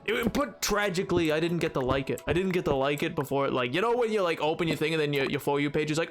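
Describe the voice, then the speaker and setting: A man's voice: on the high side, fast talker, few pauses, faint music behind. A man live-streaming a video game, chatting casually and jokingly with his viewers. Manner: animated, jokey, does silly voices. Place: at home, playing a video game.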